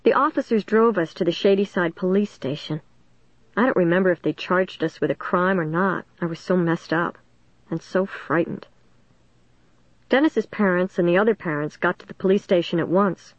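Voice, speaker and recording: A woman reading a first-person story aloud in a steady, measured way. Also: fairly low pitch, no echo, lo-fi sound. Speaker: audiobook narrator.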